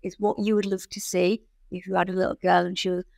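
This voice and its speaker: A woman guest on a podcast interview, telling stories in an animated way and acting out the people in them. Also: on the low side, fast talker, vocal fry, no echo. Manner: animated storyteller who acts out the people in her stories. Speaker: guest, founder of a riding centre.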